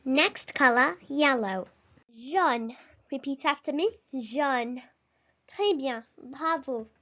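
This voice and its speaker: A woman with a high, light voice leads a vocabulary lesson at an unhurried pace. She pronounces each word carefully and encourages the listener to repeat after her. The recording sounds a little dull and lo-fi. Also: expressive, fairly bright tone. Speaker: language teacher.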